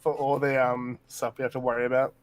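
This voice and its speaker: A man's voice: mid-range voice, flat delivery, fast, clear, resonant tone. A man from Australia chatting casually as a guest on a stream, easygoing and laughing often.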